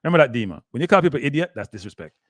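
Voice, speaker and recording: A man's voice: medium pitch, very animated, rapid-fire, dry recording. An older man with a Jamaican accent hosting a rambling live sports talk stream, slipping into patois and talking straight to his viewers. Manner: rambling, slips into patois, keeps addressing "people".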